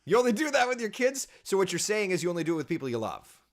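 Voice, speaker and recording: A man's voice: high-pitched, rapid-fire. A man hosting a casual live morning weather chat, joking and telling stories. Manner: chatty, jokey, lively storytelling. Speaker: TV meteorologist host.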